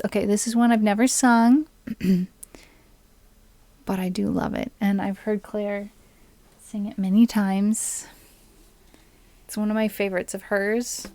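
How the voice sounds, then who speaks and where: A woman chatting with her stream viewers between songs, talking in an unhurried, easygoing way. Her voice is soft and often fades toward a whisper as she recommends things. The sound is dry and close, with no room around it. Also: mid-range voice, dry recording. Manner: soft-spoken, often trailing into a near whisper. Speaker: streamer and ukulele singer. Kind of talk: casual chat between songs.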